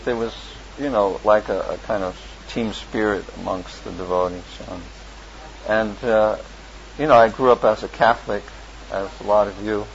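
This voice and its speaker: A man with a somewhat low voice recounts his past in a loose, meandering way, stopping for fillers and restarting his sentences. The recording sounds dull and lo-fi, with steady ambient noise clearly behind him. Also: normal speed. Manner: rambling, many fillers and restarts, chuckles often. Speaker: storyteller recalling his past. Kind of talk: casual spoken memoir.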